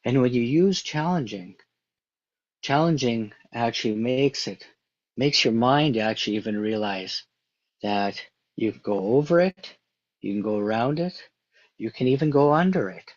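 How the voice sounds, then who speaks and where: A man's voice: medium pitch, animated, a little slow, muffled recording. A man giving an earnest, conversational motivational talk, repeating his points as he goes. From Canada. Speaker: motivational speaker.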